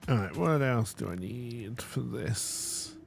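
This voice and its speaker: A man's voice: mid-range voice, lively intonation, slow pace, gravelly, a little hiss or hum. A man streaming a game, casually commenting and thinking aloud.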